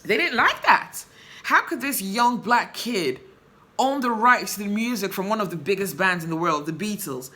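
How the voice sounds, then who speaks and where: A woman's voice: medium pitch, animated, moderate pace, sharp tone. A woman hosting her own show, giving impassioned commentary with emphatic rhetorical questions. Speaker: show host. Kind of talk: opinion commentary to camera.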